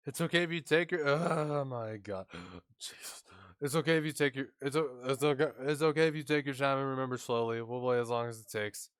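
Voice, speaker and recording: A man's voice: mid-range voice, fairly quick, clear, resonant tone, no echo, studio quality. A man streaming a game, reading its lines aloud with wry, self-mocking asides.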